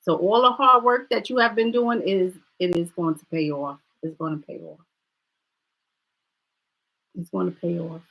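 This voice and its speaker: A woman's voice: fairly low pitch, fairly even intonation, normal speed, creaky, long pauses, a bit bright, low-quality recording. A woman giving a card reading on a live stream, talking straight to viewers and reassuring them in casual chat.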